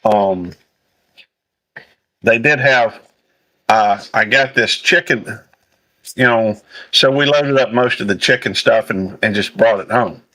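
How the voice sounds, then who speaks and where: A man hosting a casual livestream while eating, talking in a rambling, halting way full of fillers and restarts. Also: lowish voice, sharp tone, low-quality recording. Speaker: livestream host.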